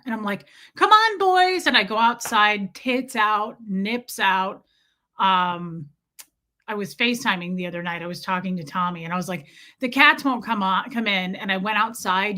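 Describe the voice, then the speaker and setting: Bright-voiced chatty woman streamer. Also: medium pitch. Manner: chatty, profane, thanks viewers by name. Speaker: livestream host. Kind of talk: casual livestream chat. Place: rural home.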